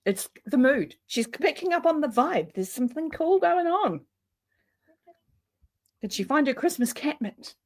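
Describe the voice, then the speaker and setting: A woman hosting a casual chat, chatty and quick to laugh. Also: sits high, expressive. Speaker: host.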